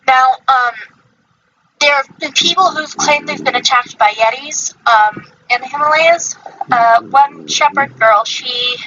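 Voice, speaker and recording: A woman's voice: high voice, measured pace, sharp tone, lo-fi sound, a little hiss or hum. A woman hosting a podcast in casual chat, rambling with many fillers and self-corrections. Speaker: podcast host.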